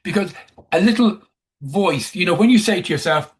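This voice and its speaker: A man's voice: high-pitched, expressive, normal speed. Emphatic male coach. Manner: emphatic, repeats key phrases. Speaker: life coach presenter. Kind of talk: coaching presentation.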